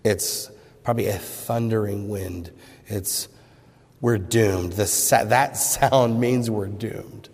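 A man preaching a sermon, pressing rhetorical questions and then dropping to hushed pleas. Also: fairly low pitch, takes it slowly, breathy edge. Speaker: pastor. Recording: long reverb of a large hall.

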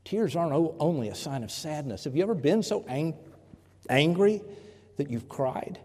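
A man preaching a sermon, earnest and deliberate, pausing often and correcting himself as he goes. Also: fairly high pitch, lively intonation, a little mellow. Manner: earnest, with pauses and self-corrections. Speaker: pastor. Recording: reverberant hall.

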